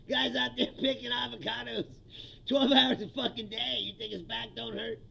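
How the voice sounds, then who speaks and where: A man's voice: extremely high pitch, fairly even intonation, unhurried, gravelly, pushed and bright, husky, dull audio. A man in his fifties, a comedian hosting a profane, ranting comedy livestream and laughing often. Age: 50s. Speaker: comedian host.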